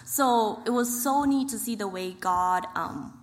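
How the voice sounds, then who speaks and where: A woman calmly telling a church testimony in steady storytelling. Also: mid-range voice, measured pace. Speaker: ministry worker. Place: church hall. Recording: reverberant hall.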